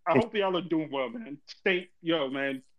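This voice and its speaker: A man's voice: fairly high pitch, unhurried, highs cut off. A man venting on a casual podcast, profane and rambling, repeating himself when he is frustrated.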